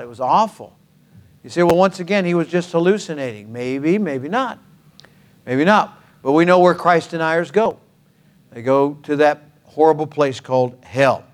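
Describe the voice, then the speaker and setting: A man preaching a sermon, emphatic, repeating phrases for stress, with folksy asides. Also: on the high side.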